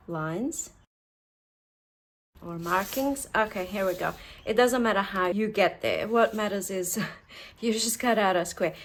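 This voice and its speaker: A woman's voice: mid-range voice, slight background noise. A woman giving a casual step-by-step craft tutorial from her home workspace, chatting as she works and dropping offhand asides. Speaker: crafter demonstrating a project.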